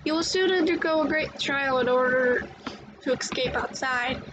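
Girl doing a high giggly creepy doll, sing-songy and teasy, noisy home mic. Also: normal speed, close to an everyday voice. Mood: ominous. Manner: giggles often, sing-song and teasing. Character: creepy giggling female doll, sly and gleeful. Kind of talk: amateur fan voice dub.

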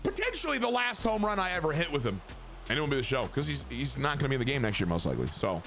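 A young man giving joking, excitable commentary on his own gameplay to his chat, with sudden shouts. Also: on the high side. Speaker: gaming streamer.

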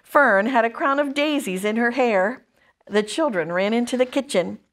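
A woman from a church children's ministry reading a chapter book aloud to children in an expressive way. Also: fairly high pitch, moderate pace.

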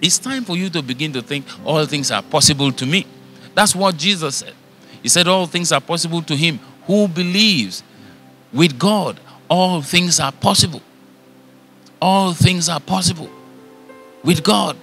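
A fervent male pastor preaches with rising and falling force. His voice sits a little high for a man. Soft music plays faintly underneath. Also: unhurried. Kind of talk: sermon.

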